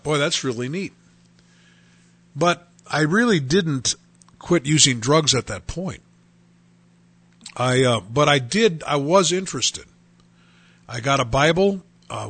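A man from North Dakota giving a personal testimony, telling his story earnestly and haltingly with many restarts. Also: mid-range voice, vocal fry, a bit bright.

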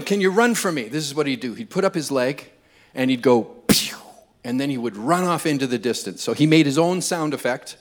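An older man preaching a sermon, telling funny family stories and building to loud, impassioned appeals. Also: fairly high pitch. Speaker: pastor. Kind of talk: sermon with humorous storytelling.

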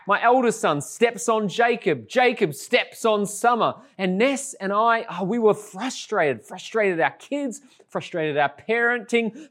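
A middle-aged Australian pastor with a high voice begins his sermon by telling a conversational story. His delivery moves back and forth between lively energy and quiet, tender moments.

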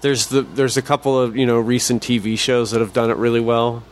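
A man's voice: medium pitch, little pitch movement, brisk, a little hiss or hum. A man co-hosting a podcast, chatting casually about movies, laid-back, swearing freely and laughing often. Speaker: podcast co-host. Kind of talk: casual movie review chat.

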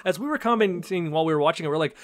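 A man with a high, bouncy voice co-hosts a casual movie review podcast. He riffs and jokes, and his pitch rises and falls a lot. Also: racing. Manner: animated, jokey, slips into mocking voices. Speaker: podcast co-host.

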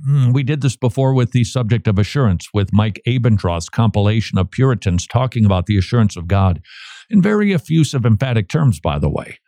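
A male radio host talks on air from a studio in a warm, relaxed tone. His pitch rises and falls all over the place as he comments, chuckling between passages he reads aloud. The sound is close and dry, with no room around it. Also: a little fast, no room sound.

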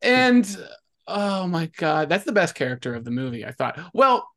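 A man's voice: on the high side, big pitch swings, moderate pace, fairly bright tone. A man hosting a casual film-review podcast, laughing often and acting out quotes from the movie. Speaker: podcast host.

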